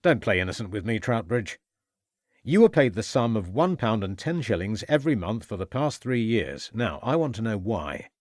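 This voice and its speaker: A man's voice: fairly low pitch, big pitch swings, normal speed, a little mellow, dry recording, clean studio sound. A man voicing a stern, shrewd police inspector in an audiobook, firm and pressing in his questioning. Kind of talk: audiobook character voice.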